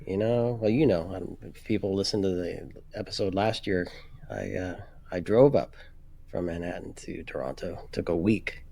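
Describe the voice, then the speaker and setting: A man with a fairly low voice co-hosts a relaxed podcast conversation. He pauses often, fills gaps and restarts his sentences as he finds his words. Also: vocal fry. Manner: halting, many fillers and restarts. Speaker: podcast co-host. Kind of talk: casual chat.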